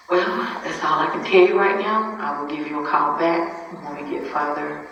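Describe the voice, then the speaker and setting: A grieving mother in her forties giving a halting, repetitive account in a church, acting out the dialogue of the people she talked to. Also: low voice, fairly even intonation, a bit bright, slight background noise. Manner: halting, repeats herself, speaks out quoted dialogue. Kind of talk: emotional spoken testimony. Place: church hall. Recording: echoey hall, distant, dull sound.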